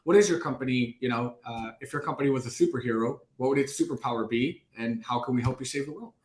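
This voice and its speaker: A man hosts a live online sales session in a relaxed, upbeat way. His talk is loose and full of fillers, and his voice rings with a roomy echo. His pitch sits in a middling range. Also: fast talker. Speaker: host.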